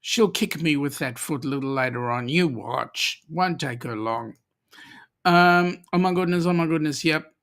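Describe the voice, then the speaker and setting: A man's voice: on the high side, unhurried, fairly bright tone. Laid-back aussie bloke hosting a live chat, takes his time, jokey. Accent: Australian. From Australia. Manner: chatty, jokey, reads comments aloud. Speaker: host of a live chat stream. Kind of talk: casual live-stream chat.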